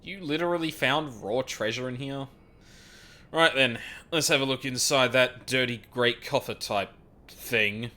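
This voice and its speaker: A man doing a gruff sky pirate captain. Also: a little slow, sharp tone. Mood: wry. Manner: deepened rough pirate voice. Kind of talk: reading game dialogue aloud in voice.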